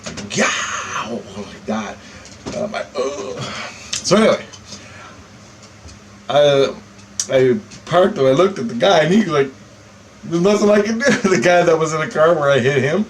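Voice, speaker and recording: A man's voice: fairly high pitch, moderate pace, pauses often, a little hiss or hum, low-quality recording. Man telling a wild story, swearing. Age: adult. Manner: animated, profane, laughing between lines. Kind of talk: casual storytelling monologue.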